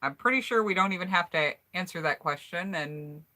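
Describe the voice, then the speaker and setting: Low, bright-voiced American woman chatting. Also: a little fast. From United States. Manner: blunt, candid, chatty. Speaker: YouTuber hosting a live stream. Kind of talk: casual live-stream chat, reading viewer comments.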